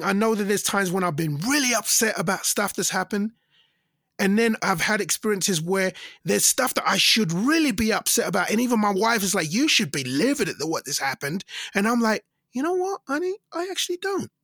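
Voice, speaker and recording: Animated man with a gravelly high voice. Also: a little fast, dry recording, studio quality. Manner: animated, acts out quoted voices with big pitch jumps. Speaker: singer and interview guest. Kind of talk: casual storytelling interview.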